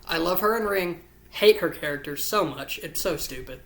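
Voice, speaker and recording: Speaking at a moderate pace with lively intonation, this YouTube vlogger chats casually to camera about a ranking, gushing and cursing freely while yawning and sounding worn out. The tone is fairly bright, and the room is echoey.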